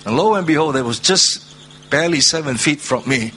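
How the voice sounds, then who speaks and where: A man preaching a sermon, reading scripture aloud and stressing words through slow repetition. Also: a little high, animated, sharp tone, a little hiss or hum. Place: church hall, seated at a low table.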